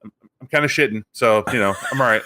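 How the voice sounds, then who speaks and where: A man's voice: mid-range voice, quick pace, pushed and bright, a little hiss or hum, close to an everyday voice. A man doing a flustered young store clerk. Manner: flustered, stammering. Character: nervous young male store clerk in a bathroom stall.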